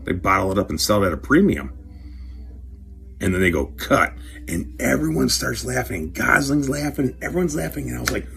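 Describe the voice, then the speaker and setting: A middle-aged man, host of his own show and a career coach, chats casually while opening packs of cards and tells a rambling, profane story. His voice is fairly low and gravelly, a bit bright, with a breathy edge.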